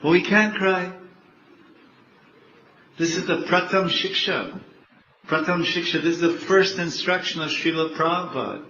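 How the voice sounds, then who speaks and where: An older man, a spiritual teacher, giving a devotional lecture slowly, repeating words and laughing often. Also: fairly high pitch, bright, forceful tone. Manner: slow, repetitive, laughing often. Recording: echoey, dull, faint background noise.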